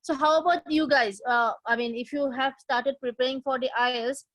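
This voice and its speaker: High-voiced woman teaching a webinar. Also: steady tone, fairly quick, a bit bright, no echo, rough recording. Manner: explanatory, asks the audience questions, frequent fillers and restarts. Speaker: test prep instructor. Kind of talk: live webinar presentation.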